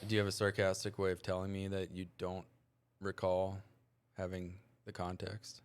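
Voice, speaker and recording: Low-voiced man hosting a podcast. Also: monotone, normal speed, clean tone. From United States. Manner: jokey, laughs often, reads out quotes. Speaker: podcast host. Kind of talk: casual podcast chat.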